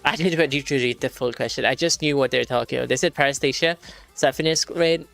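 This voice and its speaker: A man's voice: medium pitch, quick pace, vocal fry, fairly bright tone, faint music behind. A male streamer reading practice questions aloud and working through them casually, swearing when frustrated.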